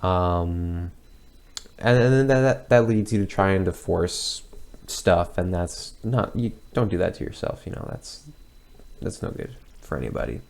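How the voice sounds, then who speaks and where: A young man talking casually as he reacts to his own old video, hesitant and rambling, with lots of pauses and restarts. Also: low voice, expressive, vocal fry, darkish tone. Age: young adult.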